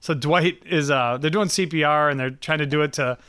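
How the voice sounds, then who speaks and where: A man co-hosting a casual podcast chat, laughing often and retelling TV scenes with quick quoted voices, swearing now and then. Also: a little high, fairly bright tone, clear, resonant tone, no echo, clean studio sound. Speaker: podcast co-host.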